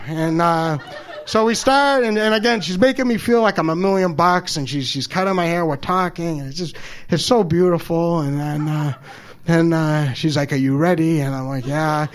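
Stammering, emotional man telling a story. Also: fairly high pitch. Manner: halting, stammers and repeats words; openly emotional, self-deprecating. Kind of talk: personal story told live.

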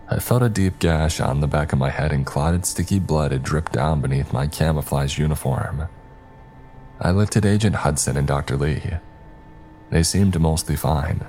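Guy with a super deep voice reading a creepy story, steady and even, faint hum behind. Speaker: narrator. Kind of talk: scripted narration.

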